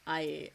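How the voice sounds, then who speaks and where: Slow-talking giggly young woman. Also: high-pitched, vocal fry. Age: 20s. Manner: rambling, giggly, many fillers. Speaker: streaming artist. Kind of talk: casual chat while drawing.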